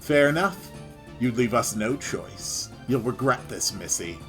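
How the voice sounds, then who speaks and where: A man doing a gruff knight commander. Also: expressive, unhurried, a bit bright, soft background music. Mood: stern. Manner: low, stern, threatening.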